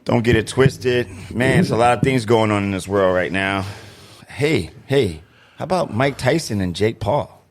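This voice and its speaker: A man co-hosts a relaxed podcast from a studio, talking in an easygoing, joking way. He tends to repeat his phrases as he chats. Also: lowish voice, normal speed. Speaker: podcast co-host. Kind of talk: casual chat.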